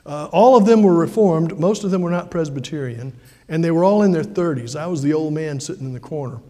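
A man's voice: a little high, animated, brisk, warm tone. An older man preaching a sermon from a church pulpit in an easygoing, folksy way, with asides and rhetorical questions. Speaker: pastor. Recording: long reverb of a large hall.

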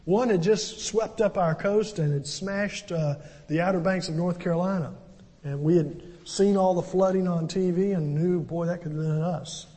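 A man's voice: high-pitched, normal speed, warm tone, long reverb tail. An older man, a pastor, preaching a sermon and telling stories with conversational asides. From southern United States. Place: church sanctuary.

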